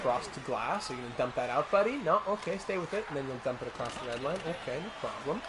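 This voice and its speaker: A man with an animated, medium-pitched voice talks at a quick pace, with background noise behind him. He streams hockey gameplay, calling the action like a sportscaster and throwing asides to his chat.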